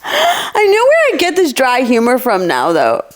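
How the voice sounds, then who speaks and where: A woman's voice: high-pitched, measured pace. A young adult woman hosting a podcast, telling stories in a casual chat with lots of laughter. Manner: animated storytelling with frequent laughter. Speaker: podcast host.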